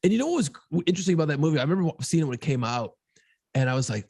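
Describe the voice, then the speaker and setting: Male podcast co-host, easygoing rambler, gravelly husky voice. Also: on the high side, lively intonation, racing, a little mellow, no room sound, clean studio sound. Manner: rambling, easygoing, swears casually. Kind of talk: casual chat about movies.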